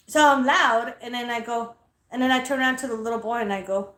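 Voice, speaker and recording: Woman rambling through a story, swears a lot, kinda high voice, echoey room. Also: a little fast. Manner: animated, profane, loud when quoting herself. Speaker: vlogger telling a story. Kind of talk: casual storytelling.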